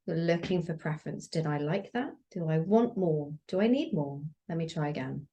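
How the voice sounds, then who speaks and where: Woman guest, somatic practitioner, low voice, calm gentle delivery. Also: moderate pace, dull audio. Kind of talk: relaxed podcast conversation.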